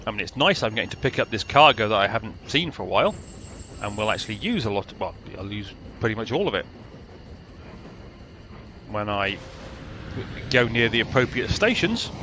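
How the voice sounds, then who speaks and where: Dry sarcastic British man, bright voice. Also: on the low side, sing-song, a little fast, slight background noise. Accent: British English. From Britain. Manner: dry, sarcastic, rambling asides. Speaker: gameplay commentator. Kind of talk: casual gameplay commentary.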